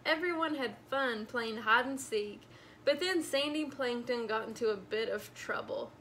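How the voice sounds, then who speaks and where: High, bright storytime librarian woman. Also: moderate pace, a little hiss or hum. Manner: animated, addresses children. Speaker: children's librarian. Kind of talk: storytime read-aloud.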